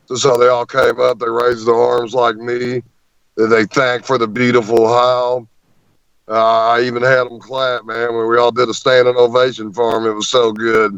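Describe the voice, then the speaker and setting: Animated storytelling man, muffled dry sound. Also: medium pitch, normal speed, smooth, no room sound. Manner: animated storyteller, repeats words as he talks. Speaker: guest. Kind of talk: storytelling in an interview.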